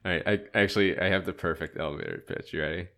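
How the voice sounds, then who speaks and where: Low-voiced man, dry offhand podcast chat. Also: racing, gravelly, bright, forceful tone. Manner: dry, offhand, reads aloud in a mock announcer voice. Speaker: podcast co-host. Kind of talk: casual chat.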